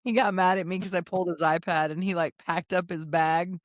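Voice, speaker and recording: A woman's voice: on the low side, fairly even intonation, brisk, dry recording, clean studio sound. A woman in her thirties co-hosting a casual podcast, teasing and telling stories with animation. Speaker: podcast co-host. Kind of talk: casual chat.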